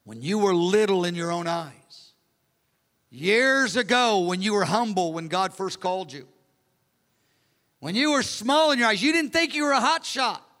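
A man playing a stern old prophet, firing accusing questions in a bright, raised voice. A long hall reverb trails every line. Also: high-pitched, expressive, normal speed.

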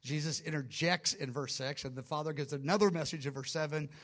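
Man, preacher, sermon, fairly high voice, conversational, emphatic bursts. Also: fairly quick. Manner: energetic, conversational teaching with sudden emphatic bursts.

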